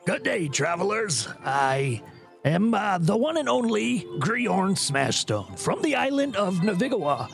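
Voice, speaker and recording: A man's voice: high voice, very animated, a little slow, vocal fry, soft background music, voice pushed up, full character voice. A man voicing a boastful male dwarf bard who greets travelers grandly. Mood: grandiose.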